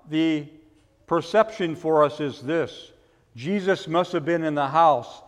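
A man preaching a sermon, asking rhetorical questions and building to forceful emphasis. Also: a little high, in a large hall. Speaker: pastor.

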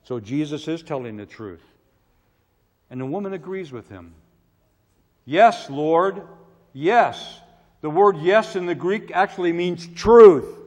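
A man preaching a sermon, swinging from loud pleading cries to hushed, quiet asides. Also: fairly high pitch, expressive, moderate pace. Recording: long hall reverb.

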